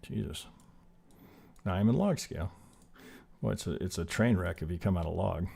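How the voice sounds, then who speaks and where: A man's voice: low voice, normal speed, gravelly, dark tone. A man hosting a live trading stream, talking loosely through chart counts, swearing now and then and getting fired up. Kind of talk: live chart analysis, casual teaching.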